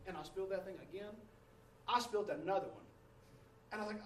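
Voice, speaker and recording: A man's voice: high-pitched, quick pace, recorded from a distance, slight background noise. A man preaching a sermon, telling a story and calling on the congregation for answers. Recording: roomy room, voice away from the mic.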